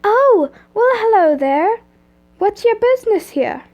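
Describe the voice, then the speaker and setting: A woman's voice: big pitch swings, a little slow, muffled recording, full character voice. A woman voicing a polite woman secretary with a slight Scottish accent, sitting at a front desk in a read-aloud story. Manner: polite, higher and brighter than her narration.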